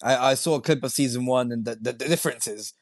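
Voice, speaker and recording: A man's voice: medium pitch, fast, no echo, studio quality. A young man co-hosting a podcast, joking around with stumbling restarts and casual swearing. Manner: jokey, hesitant restarts, swears freely. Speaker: podcast co-host. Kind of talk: casual review chat.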